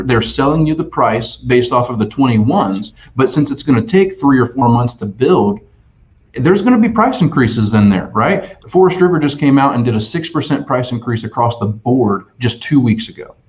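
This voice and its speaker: A man talking as a sales expert on a webinar, energetic and full of restarts and "right?" tags. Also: mid-range voice, normal speed. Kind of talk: conversational webinar talk. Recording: dull lo-fi online webinar audio.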